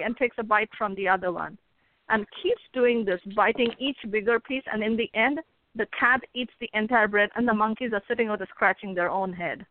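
A woman's voice: medium pitch, quick pace. Woman, earnest, advising, folksy storyteller, phone-quality audio. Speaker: guest, author and hypnotherapist coach. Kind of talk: casual interview talk. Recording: phone line with faint noise.

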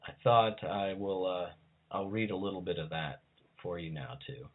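Man, scratchy voice, lowish pitch, tinny phone-like sound, casual podcast guest. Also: fairly even intonation, moderate pace. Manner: reads liturgy in a raised, solemn voice. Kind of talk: casual talk and liturgy reading.

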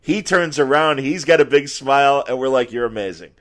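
A middle-aged man, a podcast host, telling an anecdote in an animated, casual way and acting out quotes. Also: medium pitch, moderate pace. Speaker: podcast host and former sports reporter.

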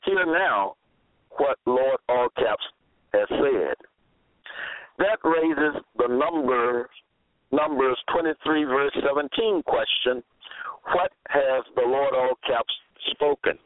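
Male preacher, unhurried and emphatic, heard over a thin phone-like line. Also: mid-range voice, no echo. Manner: deliberate, spells words out, repeats phrases for emphasis. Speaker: religious preacher. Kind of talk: slow scripture-quoting sermon monologue. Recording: tinny phone-line audio, dry.

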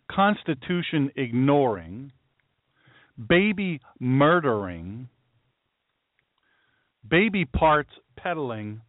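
Male talk radio host, animated pitch swings, hammering rhetorical questions; tinny, dry phone-like sound. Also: no echo. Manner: heated, repetitive, rhetorical questioning. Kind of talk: political commentary monologue.

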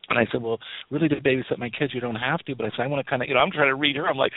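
Guy in his 50s calling into radio, talks fast n rambly, sounds like a phone line. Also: mid-range voice, steady tone, dry recording. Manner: rambling, many restarts and laughs while telling family stories. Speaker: psychic radio guest. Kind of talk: casual storytelling on a radio call. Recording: tinny phone line, dry.

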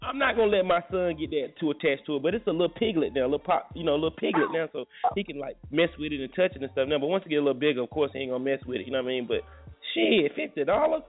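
A man's voice: a little high, very fast. A man hosting a casual morning radio chat, rambling and joking as he talks. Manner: rambling and joking, many restarts. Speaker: morning show host. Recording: tinny phone-like audio with faint music.

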